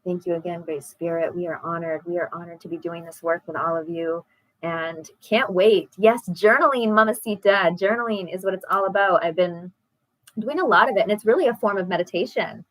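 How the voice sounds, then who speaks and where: A woman's voice: on the low side, fairly quick, a bit bright, no echo, low-quality recording. A woman hosting an online group prayer and meditation, talking casually in an effusive, affirming, encouraging way. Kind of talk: casual spiritual livestream talk.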